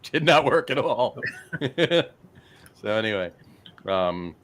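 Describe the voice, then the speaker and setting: A man's voice: medium pitch, sing-song, slow, fairly bright tone, slight background noise. A man hosting a craft beer podcast in casual chat, easygoing and full of fillers, often repeating his own phrases. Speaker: podcast host.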